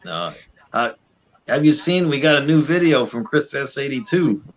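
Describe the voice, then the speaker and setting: A man hosting a live stream in casual banter, laughing easily and reacting quickly. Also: mid-range voice, animated. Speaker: stream host. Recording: muffled lo-fi audio.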